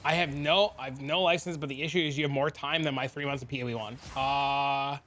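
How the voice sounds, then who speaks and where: A man's voice: medium pitch, a little fast, slight background noise. A man streaming live, chatting and ranting casually to his viewers while reading their comments aloud. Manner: animated, ranting, reads chat aloud.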